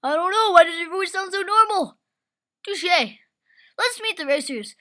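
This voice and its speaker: A woman calls a home-made toy race with excitable, exclamation-heavy commentary. Her voice is very high and bright, with lively ups and downs, and she talks at an unhurried pace.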